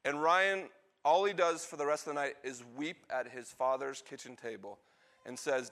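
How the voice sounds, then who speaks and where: A man preaching, telling a story and acting out the lines of its characters in an animated way. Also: medium pitch, normal speed. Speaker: pastor. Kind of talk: sermon storytelling.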